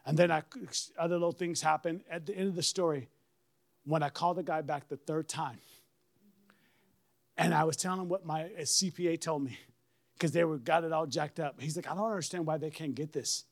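A middle-aged man, a pastor, telling a story in a sermon with lively swings and bursts of shouted praise. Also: on the high side, brisk. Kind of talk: sermon testimony.

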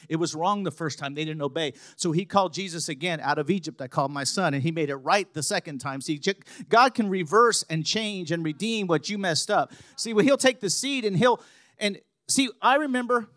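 High-voiced man preaching a sermon. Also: no echo, studio quality. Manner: storytelling, builds to loud emphatic preaching.

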